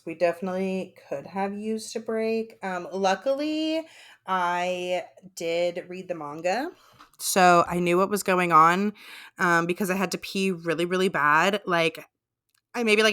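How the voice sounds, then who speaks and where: A woman co-hosting a podcast in relaxed, rambling casual talk with fillers. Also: lowish voice, measured pace, clean tone. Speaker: podcast co-host.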